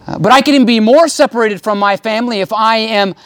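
A man's voice: high voice, fast, a bit bright, dry recording. A man preaching a sermon, pressing his points with repetition and swelling, then dropping his voice for stress. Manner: emphatic preaching, rising and falling for stress. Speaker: pastor. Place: outdoor service near a tent.

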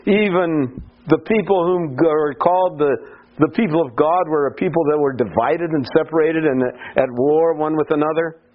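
A man preaching a sermon slowly and deliberately, his voice climbing to pleading cries when he quotes the psalms. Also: on the high side, phone-quality sound.

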